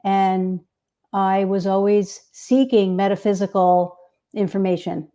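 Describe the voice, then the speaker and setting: A woman guest author answering interview questions over a video call, reflective and halting, with many ums. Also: medium pitch, steady tone, warm tone.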